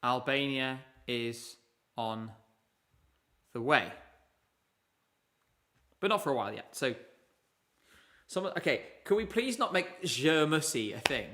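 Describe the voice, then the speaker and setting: A man's voice: fairly high pitch, a bit bright. A man hosting a casual live stream, chatty and rambling, chatting with viewers from his desk. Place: home room at a desk with laptops.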